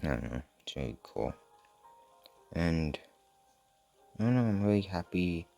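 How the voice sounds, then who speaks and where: A man's voice: sits low, very animated, measured pace, vocal fry, warm tone, faint music behind. A young man chatting casually about a cartoon episode, rambling with lots of fillers and getting emotional. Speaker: host.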